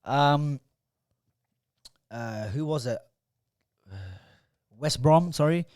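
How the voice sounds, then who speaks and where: A man, co-hosting a casual football chat, who gets animated in bursts and trails off mid-sentence. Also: fairly high pitch, drawn-out words, dry recording, clean studio sound. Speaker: podcast co-host.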